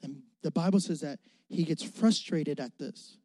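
A man's voice: on the high side, a little slow, mellow, no room sound. A young adult man, a youth pastor, preaching a sermon with emphatic repetition and rising and falling volume.

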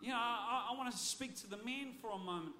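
A man with a high-pitched voice preaches a sermon. He talks with energy and often doubles back on his words as he restarts a phrase. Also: fast talker, sharp tone, a little hiss or hum. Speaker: pastor.

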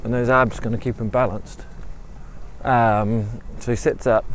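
Slow, rambling man telling a story. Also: mid-range voice, level tone, a little hiss or hum. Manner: rambling, many ums and self-corrections. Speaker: podcast host. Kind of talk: improvised storytelling while walking. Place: outdoors, walking along a city canal.

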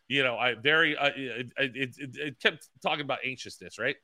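Bright-voiced man telling rambling stories. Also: mid-range voice, moderate pace, few pauses, dry recording. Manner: rambling storyteller, acts out quotes with stammers. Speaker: podcast co-host. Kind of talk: casual podcast chat.

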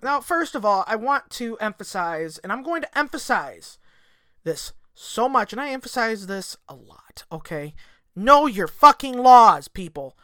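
A man's voice: sits high, big pitch swings, moderate pace, bright, forceful tone, no echo, clean studio sound. A man hosting a solo podcast, talking in a rambling, emphatic way and swearing a lot. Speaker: podcast host. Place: home in Michigan. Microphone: desk podcast mic.

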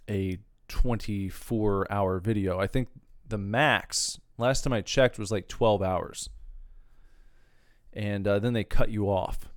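A man's voice: lowish voice, clean tone, no room sound, clean studio sound. A man hosting his own podcast, talking casually in a rambling, profane rant that wanders off on tangents. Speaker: podcast host.

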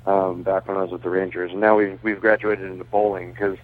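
A somewhat low-voiced man comes through a thin, phone-like line as a radio guest. He talks casually and keeps correcting himself mid-sentence, with a good-humored laugh never far away. He tells long stories with easy enthusiasm. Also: level tone, a little fast. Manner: chatty, self-correcting, laughs while talking. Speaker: guest, pitcher and race team owner. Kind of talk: phone interview, casual storytelling.

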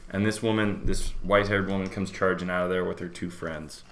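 Deep gravelly man, low-key podcast co-host, dry and sardonic. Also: steady tone, a little fast, echoey room, slight background noise. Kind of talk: casual chat.

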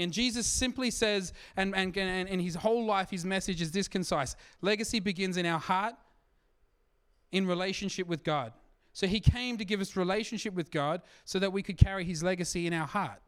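A man's voice: high voice, a bit bright, smooth. A male pastor preaching a sermon to his church in an earnest, emphatic way.

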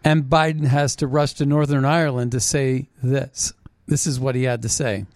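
A man's voice: medium pitch, flat delivery, moderate pace, a little mellow, no room sound. A male podcast co-host chats loosely and scoffs at the news. He trips through fillers and restarts as he goes. The recording is dry and close. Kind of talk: casual chat.

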